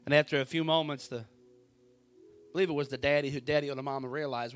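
A man delivers a sermon in fairly high tones. He tells his story with drama, dropping to near whispers and rising to shouts. Faint music plays behind him. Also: a little fast. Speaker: pastor.

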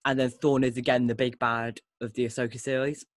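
A man's voice: mid-range voice, flat delivery, a little fast, no echo. Enthusiastic man rambling on a podcast. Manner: enthusiastic, rambling, with frequent restarts. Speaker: podcast host. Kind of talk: casual podcast chat.

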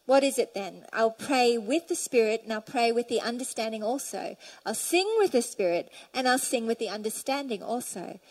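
A woman's voice: fairly high pitch, a little mellow, poor audio. A woman preaching a sermon in church, fervently reading scripture aloud and telling stories to her congregation.

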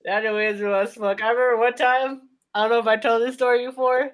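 A man's voice: very high voice, fast talker, clean tone. Young man swearing through a story. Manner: profane, laughing, animated retelling. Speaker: podcast co-host. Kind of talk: casual storytelling among friends.

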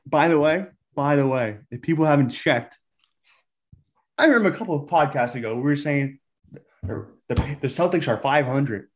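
Higher-voiced young man, hyped fan. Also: lively intonation, moderate pace, dull audio. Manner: hyped, trash-talking fan. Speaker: podcast co-host. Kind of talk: casual sports chat.

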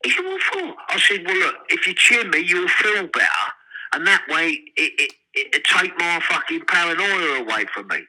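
An older man, telling profane, animated prison stories in an interview. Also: sits high, moderate pace, husky, low-quality recording. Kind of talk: storytelling.

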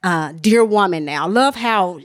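Woman, podcast guest, earnest testimony, emotional, casual restarts, mid pitch. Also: expressive, normal speed, no room sound, studio quality. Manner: earnest, emotional, with many restarts and "you know". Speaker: author and minister, podcast guest. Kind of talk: candid personal testimony in conversation.

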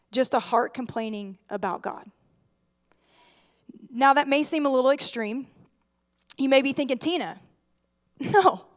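A young adult woman giving a sermon in a conversational, animated preaching style full of rhetorical questions. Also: high-pitched.

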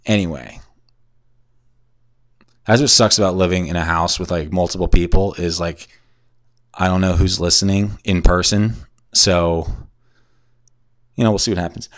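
A man's voice: low-pitched, fairly even intonation, normal speed, long pauses, fairly bright tone, no room sound, studio quality. A man in his twenties hosting a podcast from home, telling a crude, profane story in a rambling, digressive, self-mocking way while drunk and concussed. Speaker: podcast host. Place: at home in a shared house.

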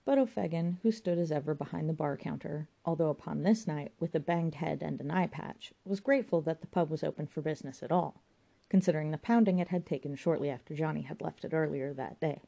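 A woman narrating a story in a wry, measured manner. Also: low voice, gravelly, dark tone. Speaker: audiobook narrator.

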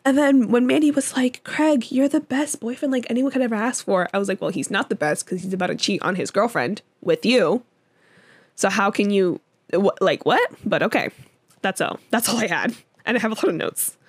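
A young woman co-hosting a podcast in casual chat, talking loosely with many fillers and quick laughs. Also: mid-range voice, lively intonation, husky. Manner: chatty, lots of fillers and laughs. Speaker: podcast co-host.

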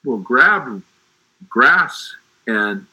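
A man's voice: medium pitch, big pitch swings, very slow, sharp tone, low-quality recording. A middle-aged man talking about faith in an emphatic, preacherly way, often restarting his sentences. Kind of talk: faith discussion.

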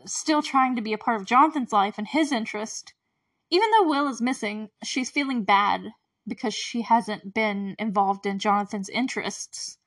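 A woman's voice: a little high, normal speed, a bit bright, no room sound, distant mic. A woman hosting a casual solo podcast, chatty and effusive, laughing often as she recaps a show. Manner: chatty and effusive, laughs often, quotes characters in brief put-on voices.

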